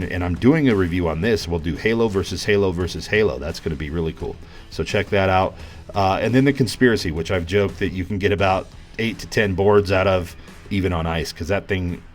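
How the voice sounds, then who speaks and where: A man with a fairly low voice talks through a bowling ball review in a loose, conversational way, full of ums and uhs. He gets openly enthusiastic about his gear. Faint music sits behind him. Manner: relaxed, conversational, many fillers. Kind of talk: casual review vlog.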